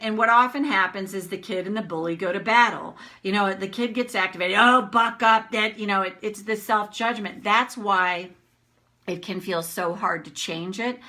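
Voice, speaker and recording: A woman coach in a casual talk to camera, animated, acting out her inner voices with many fillers and restarts. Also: mid-range voice.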